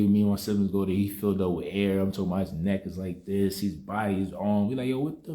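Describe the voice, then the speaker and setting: This vlogger is a young man whose voice is low-pitched and mellow. Quiet and reflective, he wanders through a casual spoken testimony about his own life, leaning heavily on "you know" as filler.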